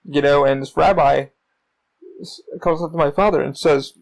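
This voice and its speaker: A man's voice: on the high side, steady tone, moderate pace, creaky, low-quality recording. A man hosting his own podcast, talking in a rambling, casual monologue full of swearing and fillers. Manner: rambling, heavy profanity, frequent fillers. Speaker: podcast host.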